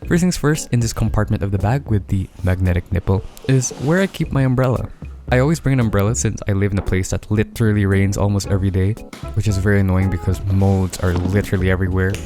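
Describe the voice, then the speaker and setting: Young man, lowish pitch, casual vlog chat, wry self-deprecating asides. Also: fast talker. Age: 20s. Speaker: student vlogger. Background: faint background music.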